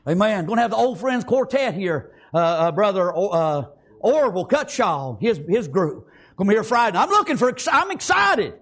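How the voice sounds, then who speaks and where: A man's voice: high voice, very animated, normal speed, a bit bright. An older male pastor preaching a fiery sermon in a folksy country dialect, breaking in with praise and amens.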